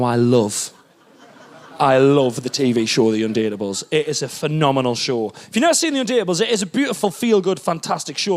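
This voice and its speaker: A stand-up comedian, a man, telling an excitable story on stage that builds to shouts. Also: on the high side.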